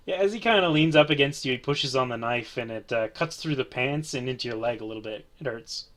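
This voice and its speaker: A man's voice: medium pitch, brisk, fairly bright tone. A man narrating a tabletop role-play as game master, easygoing and hesitant.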